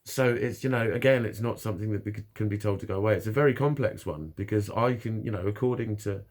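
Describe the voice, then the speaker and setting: Speaking fast in a somewhat low, slightly mellow voice, this man vlogs in a relaxed monologue. He's blunt and open about what he's been through, and the swearing never stops.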